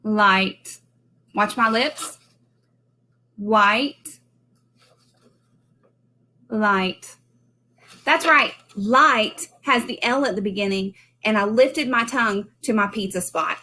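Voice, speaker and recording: A woman giving a children's speech lesson from home, modeling sounds slowly and clearly. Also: fairly high pitch, sharp tone. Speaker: speech teacher.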